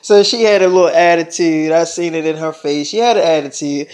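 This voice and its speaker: A man's voice: on the high side, brisk, darkish tone. A man telling a rambling first-person story in casual, slangy, profane speech.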